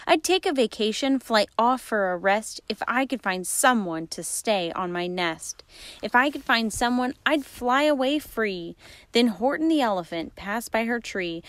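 A woman reading a rhyming picture book aloud in a lively storyteller manner. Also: medium pitch, moderate pace, no room sound. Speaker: insurance agent reading aloud.

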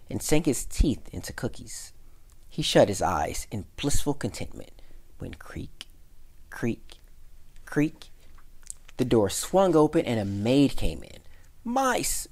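A man, a community center director, reading a fable aloud with expressive storytelling. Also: on the low side, creaky.

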